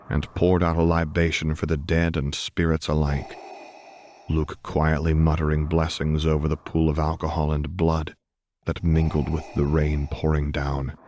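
A man reading fan fiction aloud in a soft, hushed storytelling voice. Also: a bass voice, slight background noise. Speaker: audiobook narrator. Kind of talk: scripted narration of fan fiction.

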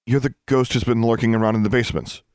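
A man's voice: mid-range voice, fairly even intonation, fast, clear, resonant tone, dry recording, studio quality, close to an everyday voice. A man voicing an angry, defiant teenage witch girl in a fantasy audiobook, speaking sharply and indignantly. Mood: cold, distrustful. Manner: sharp, indignant, raising her voice.

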